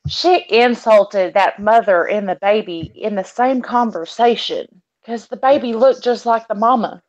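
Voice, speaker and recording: A woman's voice: fairly high pitch, a little slow, dull audio. A woman from Texas with a Texan accent, chatting casually and telling stories with sweet, cutting sass. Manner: sassy storyteller, sweetly cutting. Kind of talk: casual chat.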